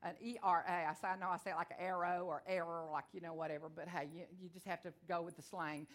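A woman's voice: on the low side, flat delivery, fast. Fervent Texan woman preacher. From Texas. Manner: fervent, builds to loud declarations; storytelling, folksy. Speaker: guest preacher. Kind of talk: testimony sermon.

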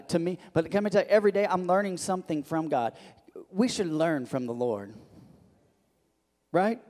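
Man preaching in a reverberant hall. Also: a little high. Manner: animated, swings between loud emphasis and soft hushed lines; frequent repetitions and restarts. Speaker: pastor. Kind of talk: sermon. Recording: long reverb of a large hall.

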